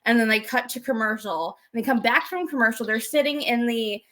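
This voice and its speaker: A woman's voice: a little high, brisk, bright, forceful tone. A woman co-hosting a casual recap chat, retelling scenes with animation and acting out the lines. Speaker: podcast co-host.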